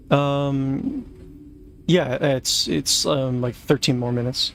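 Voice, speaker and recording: A man's voice: medium pitch, steady tone, takes it slowly, a little hiss or hum. A man live-streaming a game, reacting with puzzled, chatty comments to the story.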